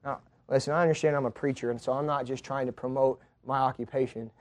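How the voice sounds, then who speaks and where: A male preacher delivering a sermon, moving from quiet teaching to loud proclaiming. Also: fairly even intonation, fast talker. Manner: builds from low, quiet teaching to loud, high-pitched proclaiming.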